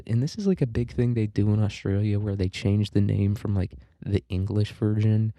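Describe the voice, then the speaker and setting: A man giving a casual literature lecture in a very dark, mellow voice that sits fairly low. He rambles, jokes crudely and swears freely. The sound is close and dry. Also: dry recording. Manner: rambling, crude and joking, with profanity. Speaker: podcast host teaching literature.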